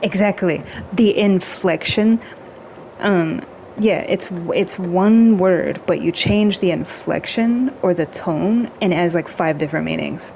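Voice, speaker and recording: A woman talks in a casual, chatty way, full of "like"s and small humming sounds. Her voice sits a little low. The recording is dull and lo-fi with faint noise behind it. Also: unhurried, creaky. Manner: relaxed, chatty, heavy use of "like" and hums; playful with tone, acting out little sounds. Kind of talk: casual chat.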